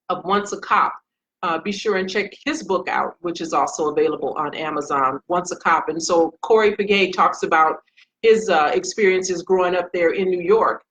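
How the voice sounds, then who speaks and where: A woman's voice: fairly low pitch, a bit bright, dull audio. A woman, a retired police sergeant, giving casual commentary on a Facebook Live stream. She speaks directly and earnestly, addressing viewers by name.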